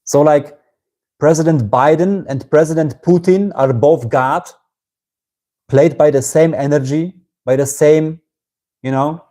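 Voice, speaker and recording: A man's voice: on the high side, unhurried, mellow. A man with a German accent giving a live-streamed satsang talk as a spiritual teacher, reflective and often ending his phrases with a questioning "yeah?".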